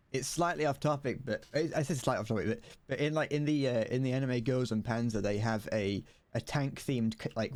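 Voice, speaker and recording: British male streamer, lowish voice, rambly and stammering, loose off-the-cuff commentary. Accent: British English. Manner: rambling, stammers and restarts, chuckles often. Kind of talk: casual game-stream chatter.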